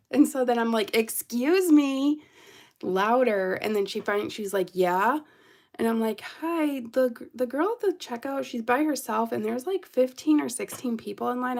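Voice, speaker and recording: A woman's voice: fairly high pitch, creaky. A young adult woman vlogger telling a story casually while she crafts, acting out what people said. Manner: animated, acts out quoted voices.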